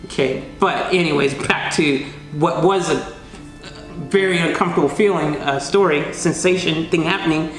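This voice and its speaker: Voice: medium pitch, normal speed, soft background music. Chatty storyteller in an echoey room. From United States. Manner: animated, chatty, addresses viewers as guys, slang-heavy. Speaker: channel host. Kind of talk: casual storytelling to camera.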